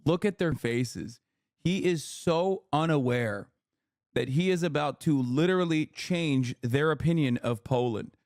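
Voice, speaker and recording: A man's voice: a little high, a little slow, darkish tone, no room sound. Sarcastic streamer man, dry close mic. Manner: blunt, sarcastic, profane. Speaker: streamer reacting to a video. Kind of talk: casual reaction commentary.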